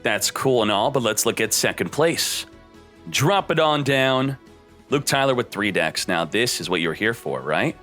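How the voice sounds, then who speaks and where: A man's voice: measured pace, soft background music. A man hosting a card game stream, giving hyped deck-review commentary and sounding slightly out of breath. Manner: energetic, punchy, jumps up in pitch for emphasis.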